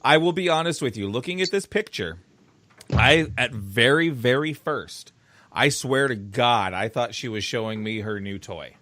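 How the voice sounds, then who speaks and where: A man's voice: medium pitch, lively intonation, normal speed, pushed and bright, no echo. A man co-hosting a casual podcast chat, laid-back and joking, often breaking into laughter. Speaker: podcast co-host.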